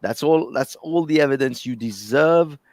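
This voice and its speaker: A man's voice: medium pitch, moderate pace, very noisy. A man, co-hosting a podcast in heated casual chat, swearing and exasperated, often laughing through his points. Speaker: podcast co-host.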